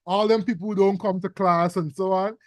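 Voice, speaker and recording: A man teaching a casual exam revision class, teasing students with loud bursts. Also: sits high, fairly even intonation, fairly quick, dry recording.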